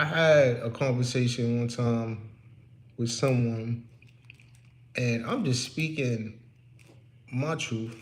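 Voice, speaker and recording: A man's voice: mid-range voice, reverberant. A man working as a real estate investor, talking candidly and preaching a little to the listener, in a casual motivational talk from his office.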